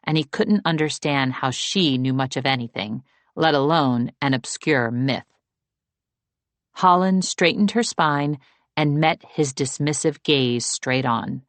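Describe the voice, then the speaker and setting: Low-voiced woman narrating an audiobook. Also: dry recording. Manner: steady, measured storytelling. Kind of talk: scripted narration.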